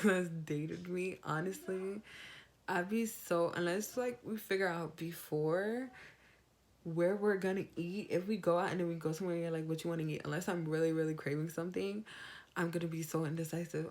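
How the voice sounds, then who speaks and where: A young woman, chatting casually to camera in an advice vlog and acting out quoted lines in a higher voice. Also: a little mellow. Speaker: vlogger.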